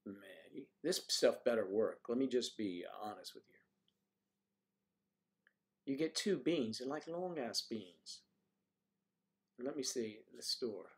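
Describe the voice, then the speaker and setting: A man's voice: mid-range voice, animated, slow pace, pauses often. A man hosting a casual livestream, musing aloud and joking as he reads out viewer comments. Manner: rambling, joking. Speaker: livestream host.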